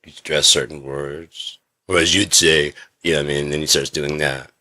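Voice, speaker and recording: A man's voice: rumbling low, flat delivery, moderate pace, sharp tone. A man talking in a rambling, swearing monologue, coughing often and acting out quoted voices. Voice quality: frequent coughing. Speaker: video creator.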